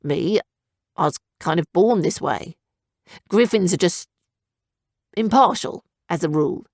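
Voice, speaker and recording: A woman's voice: fairly low pitch, expressive, a little slow, darkish tone, dry recording, studio quality. A woman narrator voicing a lazy, teasing young male griffin who talks in a drowsy, offhand way.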